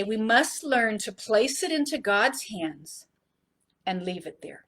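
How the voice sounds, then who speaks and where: A middle-aged woman teaching a Bible study in an earnest preaching style, rising to emphasis and dropping soft and low. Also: animated, unhurried.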